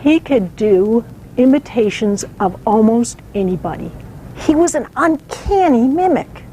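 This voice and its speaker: A woman author giving a public talk, telling stories in an animated way with some fillers. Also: on the high side, unhurried, slight background noise, low-quality recording. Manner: storytelling, animated, uses fillers.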